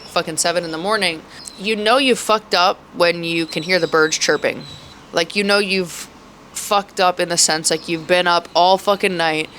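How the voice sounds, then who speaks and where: Outdoors in Mexico with birds audible, a thirty-year-old vlogger records an emotional personal vlog, rambling and full of swearing and fillers. Her voice is mid-range and sharp in tone, with a little hiss or hum in the audio.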